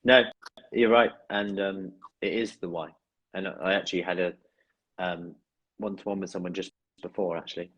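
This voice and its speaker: A man's voice: low voice, fairly even intonation, normal speed, a bit bright, slightly rough, highs cut off. A man, a fitness coach chatting casually in a thoughtful, reflective way. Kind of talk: casual chat.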